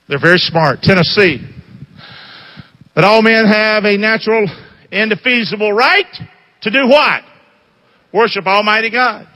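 A high-voiced man preaching with a bright, forceful edge, leaning on call-and-response questions. His voice rings out in a hall with a long reverb tail. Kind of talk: sermon.

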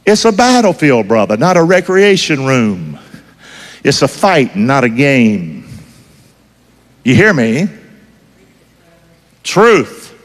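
Preacher booming in a hall. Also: male voice, huge pitch swings, slow pace, long pauses. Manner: call-and-response, quizzing the congregation; folksy, emphatic preaching. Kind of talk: sermon.

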